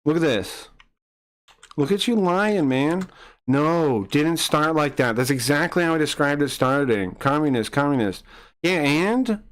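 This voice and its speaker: Male streamer, slightly high voice, furious profane accusatory rant at chat. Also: lively intonation, a little slow. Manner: angry, profane, accusatory ranting. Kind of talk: heated live-stream argument with chat.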